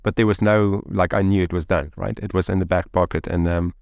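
A man in his thirties recounts a story as an interview guest, filling his sentences with "like" and "you know". His voice sits low with a gravelly edge, and the sound is dry and close. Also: brisk, no room sound. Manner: animated, rambling with many fillers like "like" and "you know".

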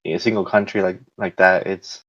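A man's voice: deep voice, little pitch movement, moderate pace, fairly bright tone, slightly rough, dry recording, highs cut off. A man, hosting a casual chat in a rambling way with many fillers. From United States. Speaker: podcast host.

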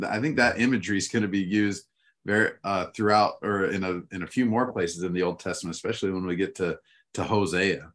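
Low-voiced man in relaxed lesson-planning chat. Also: a little fast. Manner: relaxed, rambling with fillers and restarts. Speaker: seminary teacher. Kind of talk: casual teaching-prep chat.

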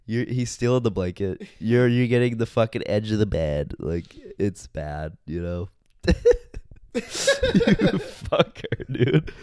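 A man's voice: fairly low pitch, wildly swooping pitch, slow, darkish tone, no echo, clean studio sound. A man co-hosting a podcast, telling a story in casual chat, swearing a lot and laughing as he goes. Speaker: podcast co-host.

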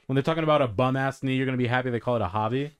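A man's voice: medium pitch, very fast, smooth. A man co-hosting a podcast in casual banter, cracking crude teasing jokes. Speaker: podcast co-host.

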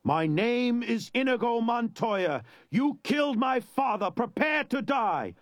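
A man's voice: on the low side, lively intonation, a little mellow, no echo, studio quality, exaggerated voice. A man doing Inigo, a vengeful swordsman. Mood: fierce. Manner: slow, deliberate vow, rising to strained cries.

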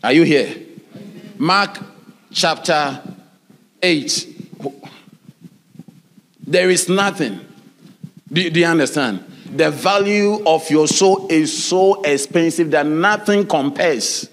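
A man preaching a sermon as pastor, animated, with sudden high shouts and laughing asides. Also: slow, long pauses.

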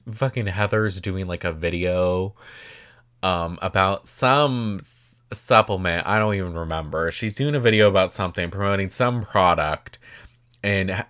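A man's voice: lowish voice, fairly bright tone, smooth. A man recapping reality TV in a casual, gossipy chat, swearing freely and filling his talk with "like". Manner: chatty and gossipy, swears freely, many "like" fillers.

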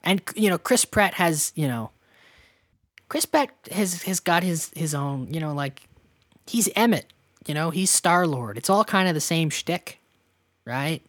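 A low-voiced woman chatting casually as a podcast co-host, rambling and quick to react. Her voice sits close and dry, with no room around it. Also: animated, no echo. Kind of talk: casual chat.

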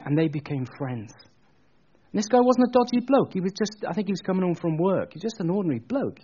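Animated, husky preacher man. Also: high voice, fast, muffled recording. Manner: animated, chatty, jokey asides. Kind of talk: sermon with storytelling.

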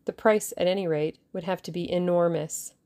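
A woman voicing a calm, scornful female schemer who speaks lightly and coolly in an audiobook. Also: lowish voice, normal speed, gravelly.

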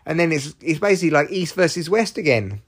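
A man's voice: a little high, animated, fast, slightly rough. A man in his forties hosting a solo podcast, rambling, self-deprecating and swearing freely. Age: 40s. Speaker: podcast host. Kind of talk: casual solo podcast monologue.

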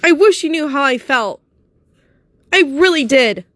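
Upset woman, high voice, dry close sound, near tears, blunt and swearing. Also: animated, measured pace, a bit bright, no room sound. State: fighting back tears. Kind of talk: emotional personal vent to camera.

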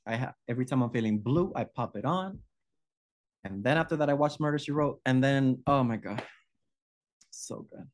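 A man's voice: medium pitch, moderate pace, long pauses. Man, podcast co-host, gushing, effusive, trails off mid-sentence, casual film chat. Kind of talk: casual chat about horror films.

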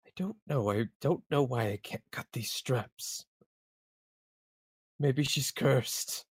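A man voicing a tearful, muddled male adventurer in a high, wavering voice, rambling emotionally about a mule. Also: slow, husky, no echo, clean studio sound.

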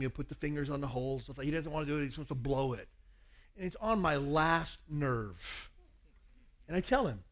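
A man in his forties preaching about raising children, his voice sitting a little higher than most men's. He tells stories from home and acts out the dialogue from them. His delivery is conversational. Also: a bit bright. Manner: storytelling, acts out family dialogue. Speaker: pastor. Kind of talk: sermon with personal stories.

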